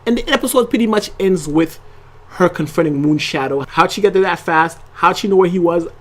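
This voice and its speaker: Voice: mid-range voice, a little fast. A reviewer and channel host giving a casual, rambling episode review to camera, full of "like" and tag questions.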